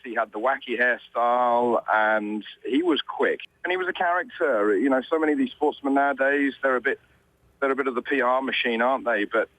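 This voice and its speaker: A man's voice: medium pitch, a bit bright, rough recording. A British man, a motorsport commentator, talking in a conversational way with frequent restarts during a news interview. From Britain.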